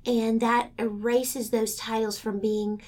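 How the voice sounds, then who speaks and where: A woman guest speaking earnestly and from the heart about her faith, sometimes dropping to a hushed tone. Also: on the high side, little pitch movement, slow pace. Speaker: guest author. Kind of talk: candid faith testimony.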